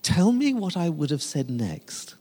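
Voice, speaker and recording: Older pastor preaching in a reverberant church. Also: male voice, a little high, unhurried, slightly rough. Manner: emphatic preaching with a lively, rising and falling delivery. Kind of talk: sermon. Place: church sanctuary. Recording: long reverb of a large church hall.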